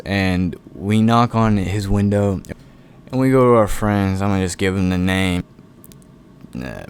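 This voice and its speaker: A man's voice: lowish voice, a little hiss or hum. A young man casually telling a long personal story, laid-back and rambling, with lots of swearing.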